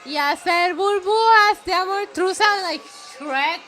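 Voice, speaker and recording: A woman streamer reacting live to a wrestling show, excitable and swearing, often shouting at the action. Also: extremely high pitch, unhurried. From Puerto Rico. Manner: excitable, profane, shouts at the screen.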